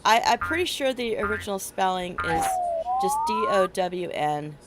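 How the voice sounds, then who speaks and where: A woman's voice: medium pitch, big pitch swings, normal speed, noisy background. A woman streamer chatting casually and rambling while playing a game, laughing often. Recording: loud game music behind.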